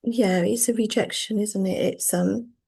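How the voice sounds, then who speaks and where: Woman in her sixties, session participant, gravelly voice, halting and emotional. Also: medium pitch, steady tone, a little mellow. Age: 60s. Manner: hesitant, emotional, many ums. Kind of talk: personal sharing.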